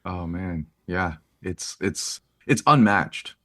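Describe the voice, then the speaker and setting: A man, a photographer guest on a podcast, telling stories in a lively, animated way, acting out quoted speech and laughing often. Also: low-pitched, takes it slowly. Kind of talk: casual interview storytelling.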